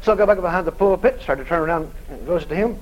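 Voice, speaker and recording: A man's voice: high-pitched, lively intonation, quick pace, lo-fi sound. A man preaching, telling a folksy story with chuckles. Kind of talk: storytelling sermon.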